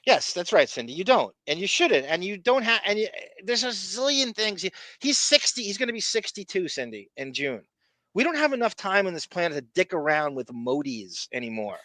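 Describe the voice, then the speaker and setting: Podcast host guy, rambly and sweary, kinda high voice, dry sound. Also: brisk, dry recording. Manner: rambling, profane, excitable. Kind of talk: casual podcast chat.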